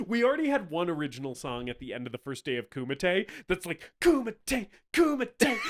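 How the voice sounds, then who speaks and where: A man co-hosting a casual movie review podcast, animated and swearing, laughing often and acting out scenes. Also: high voice. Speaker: podcast co-host.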